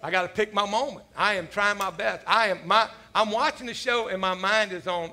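A man preaches in a high, bright, ringing voice. He spins loose, animated stories peppered with casual asides and laughs at himself along the way. It is an easygoing sermon delivered like a conversation with his congregation. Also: a little fast, hardly any pauses. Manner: animated storytelling, peppered with "man" and "you know"; self-deprecating humor, laughs at his own stories. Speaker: pastor.

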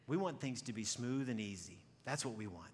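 A man preaching a sermon to a congregation, animated, swinging from loud exclaiming to quiet near-whispers, often repeating words as he starts a phrase. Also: medium pitch, fairly quick, slight background noise. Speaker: pastor. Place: church hall before a congregation.

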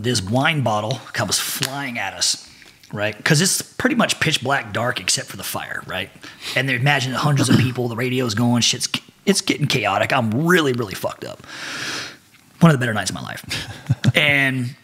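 Guy in his 40s, kinda husky voice, cussing a lot and laughing thru a wild story on a podcast. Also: mid-range voice, moderate pace. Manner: profane, animated, laughing often. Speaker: podcast guest. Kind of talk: casual storytelling.

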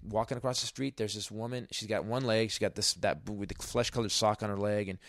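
A man's voice: on the low side, fairly even intonation, quick pace, a bit bright, no echo, studio quality. A middle-aged man, a guest comedian, telling a story on a podcast in a rambling way, full of restarts. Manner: rambling, self-interrupting, many restarts. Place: podcast studio.

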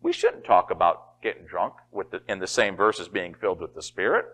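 Animated laughing pastor preaching. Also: male voice, sits low, brisk. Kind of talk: sermon.

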